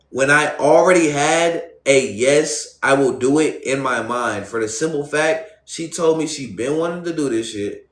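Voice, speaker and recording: A young male streamer telling a storytime to his live chat. He talks in loose, profane street slang at a mid pitch and addresses viewers directly, and the sound has a noticeable room echo. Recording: roomy echo.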